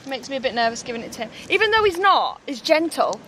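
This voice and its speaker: A woman with a high voice chats casually for a family vlog. She slips into a cooing singsong when she talks to dogs, and faint outdoor noise sits behind her. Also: very animated, fast, pushed and bright. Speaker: family vlogger.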